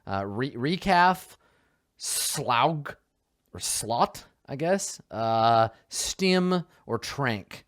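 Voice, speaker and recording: A man's voice: medium pitch, expressive, extremely slow, a bit bright, no room sound, clean studio sound. A young man, a tabletop game player, chatting casually and rambling to himself as he builds a character, swearing freely.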